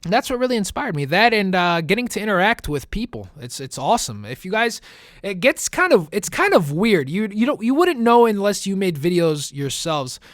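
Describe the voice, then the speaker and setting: A man's voice: high voice, big pitch swings, normal speed, dry recording, clean studio sound. A young man who grew up speaking Italian, answering viewer questions in a laid-back, chatty way and often calling his listeners "man" and "guys". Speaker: gaming YouTuber. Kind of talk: casual Q&A commentary over gameplay.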